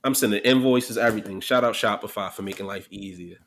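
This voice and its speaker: A man's voice: lowish voice, fast talker, fairly bright tone. A man in his thirties, a podcast guest, telling profane stories in casual chat and acting out the quotes. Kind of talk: casual storytelling.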